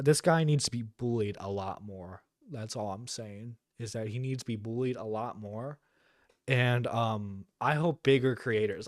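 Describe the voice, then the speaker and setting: A man's voice: medium pitch, no room sound. Dry, ranting male streamer. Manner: heated, profane ranting. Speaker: streamer host. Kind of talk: casual reaction commentary.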